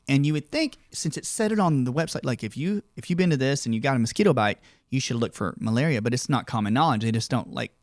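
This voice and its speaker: A man's voice: medium pitch, animated, fast talker, few pauses, no echo, clean studio sound. A man hosting a podcast, a doctor who chats casually and asks long, rambling questions. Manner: rambling questions, frequent affirming backchannels. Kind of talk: casual interview chat.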